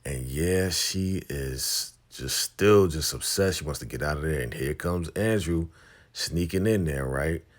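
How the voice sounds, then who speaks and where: A man casually recapping a TV episode, telling the story in an animated way and acting out the scenes as he goes. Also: very deep voice, a little slow. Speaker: TV recap vlogger.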